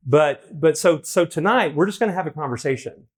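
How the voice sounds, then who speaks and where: A man's voice: on the high side, lively intonation, brisk. Rambling male host at a live event. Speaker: host, interviewer. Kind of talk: live onstage conversation. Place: event hall with audience.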